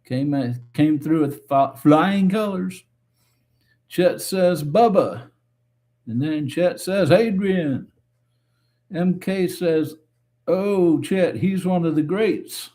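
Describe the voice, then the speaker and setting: A man hosting a casual live stream, reading viewer comments aloud and answering them in a relaxed, chatty way. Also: fairly high pitch, slow. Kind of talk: casual chat.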